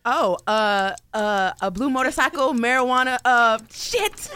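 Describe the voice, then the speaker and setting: A woman co-hosting a casual podcast, boastful and laughing, quick to argue about the game. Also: fairly high pitch, sharp tone, clear, resonant tone, no room sound. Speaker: podcast co-host.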